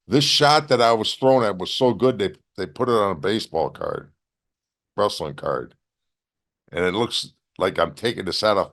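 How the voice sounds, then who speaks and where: Low-voiced man telling blunt war stories. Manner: animated storytelling with blunt profanity. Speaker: guest, former wrestler. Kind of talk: casual storytelling interview.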